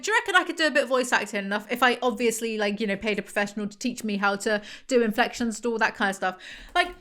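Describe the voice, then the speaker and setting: A woman's voice: on the high side, sharp tone. A young woman with a London accent, reviewing a book with sarcastic, self-mocking, theatrical asides. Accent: London English.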